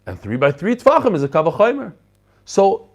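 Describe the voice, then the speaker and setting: Brief: middle-aged male rabbi, high voice, animated Talmud lecture peppered with Hebrew terms. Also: normal speed. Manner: animated, mixes English with Hebrew and Yiddish terms, talks to listeners directly. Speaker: rabbi teaching a daily Talmud page. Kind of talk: lively Talmud class lecture.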